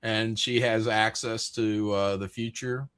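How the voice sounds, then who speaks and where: Low-voiced, laid-back male host. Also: fairly even intonation, measured pace, fairly bright tone, smooth. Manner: laid-back, prompting questions. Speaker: podcast host. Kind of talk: casual chat.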